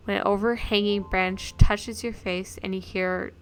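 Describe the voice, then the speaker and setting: A woman's voice: mid-range voice, steady tone, measured pace. Woman narrating a gamebook adventure. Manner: reads aloud with small slips and self-corrections. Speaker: streamer reading a gamebook. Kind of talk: second-person story narration.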